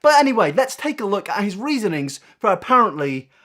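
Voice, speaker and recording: A man's voice: high voice, very animated, fairly quick, pushed and bright. A British man giving sarcastic, swearing reaction commentary on another creator's video. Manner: sarcastic, swearing, mock-pleading asides. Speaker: commentary YouTuber.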